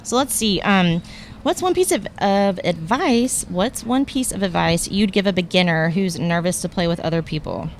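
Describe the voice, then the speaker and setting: A woman's voice: lowish voice, expressive, normal speed, a little hiss or hum. A woman hosting a casual interview outdoors at a golf range, agreeing often and asking questions. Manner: affirming, frequent agreeing interjections. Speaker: podcast host.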